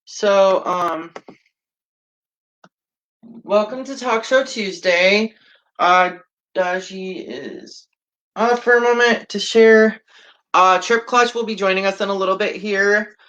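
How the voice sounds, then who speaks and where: A man's voice: sits high, slow, long pauses, pushed and bright, muffled recording. A man hosting a casual live-streamed talk show, hesitant and rambling, with lots of fillers and the odd swear word.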